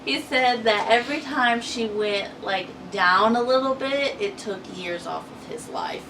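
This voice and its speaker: A woman's voice: fairly high pitch, a little slow, few pauses, a bit bright. A woman co-hosting a casual TV recap, chatty and giggly, acting out quotes as she tells the story. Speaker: co-host of a TV recap channel. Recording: distant mic with noisy background.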